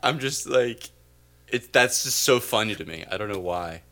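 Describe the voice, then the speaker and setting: Man podcast co-host, bright, laughs easily, loose joking delivery. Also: fairly low pitch, expressive, moderate pace. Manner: joking, laughs often, trails off mid-thought. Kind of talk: casual chat.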